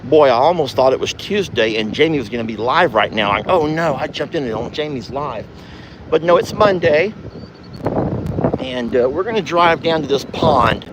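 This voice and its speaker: A man's voice: mid-range voice, lively intonation, moderate pace, noisy background. A man chatting folksily as host of a farm livestream, outdoors. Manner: folksy, chatty, calls loudly to his deaf dog. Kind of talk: casual livestream chat.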